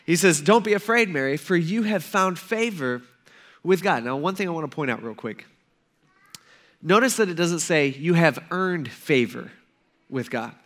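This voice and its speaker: Bright, high-voiced young pastor preaching casually. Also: male voice, animated, normal speed. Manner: casual, conversational preaching with playful acted asides. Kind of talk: sermon.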